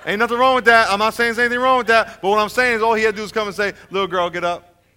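A man teaching a Bible lesson in a lively sermon style, joking and swinging between loud and quiet. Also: very fast, clear, resonant tone. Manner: animated, jokey, swings from loud to low.

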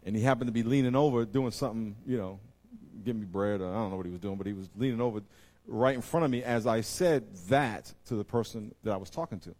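A man preaching a sermon to his church as pastor, animated, dropping to quiet asides and rising to loud excited bursts. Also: on the low side.

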